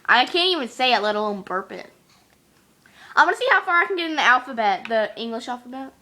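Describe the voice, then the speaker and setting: A woman talking casually to her camera at home, excitable and quick to exclaim. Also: on the high side. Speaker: vlogger. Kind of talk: casual chatty vlog.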